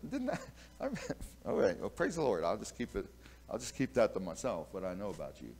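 A pastor preaching a sermon, telling folksy stories, laughing at his own tales and swinging from quiet asides to loud, emphatic preaching. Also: on the low side, huge pitch swings, fairly quick.

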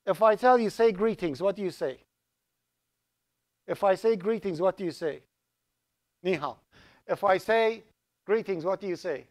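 A middle-aged man who grew up speaking Azerbaijani, teaching a college programming class in a lively, joking way and putting questions to the students. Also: sits high, normal speed, pauses often. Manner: lively, asks the class questions, jokes around. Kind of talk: live classroom lecture.

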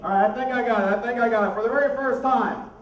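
A man's voice: very high voice, steady tone, quick pace, lo-fi sound, over loud music. A man hosting a comedy mind-reading stage show, joking with audience members in an upbeat manner. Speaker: comedy mentalist host. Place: theater stage with live audience. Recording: roomy stage sound from a distance.

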